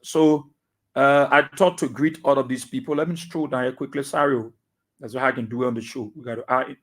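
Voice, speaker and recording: A man with a Liberian accent, a radio talk show host reading out listener names and greetings in a brisk roll call. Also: medium pitch, steady tone.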